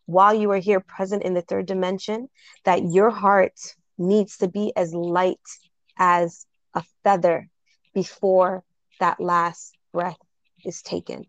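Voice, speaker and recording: A woman's voice: fairly low pitch, little pitch movement, slow, dry recording, dull audio. A woman hosting a casual spiritual podcast, telling heartfelt stories and laughing often. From Jamaica. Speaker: podcast host.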